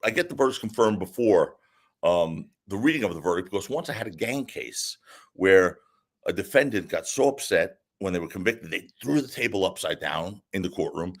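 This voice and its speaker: A man, a defense attorney, telling a story as a guest in a casual interview, in an animated, lively way. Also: low voice, moderate pace, vocal fry.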